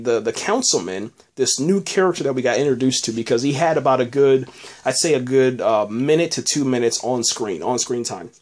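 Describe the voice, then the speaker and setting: A man hosting a casual solo podcast, reviewing a TV episode in a rambling way with lots of fillers, restarts and "man.". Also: mid-range voice.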